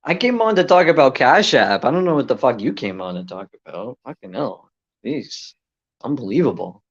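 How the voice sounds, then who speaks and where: A man's voice: medium pitch, expressive, normal speed. A man arguing and laughing in heated live-stream banter, mocking and argumentative, on dull lo-fi stream audio. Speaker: livestream panel guest.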